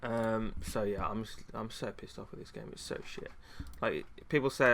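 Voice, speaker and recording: A man's voice: mid-range voice, steady tone, normal speed, gravelly, hardly any pauses, fairly bright tone, slight background noise. A man streaming, chatting casually in a frustrated rant with lots of fillers and restarts. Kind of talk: casual chat.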